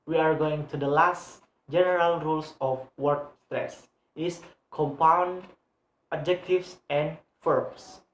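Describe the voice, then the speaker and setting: Slow, hesitant young man in an echoey room. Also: a little high. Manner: halting, with many pauses and fillers, repeating example words. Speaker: student presenter. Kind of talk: explaining grammar in a class video. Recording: roomy echo.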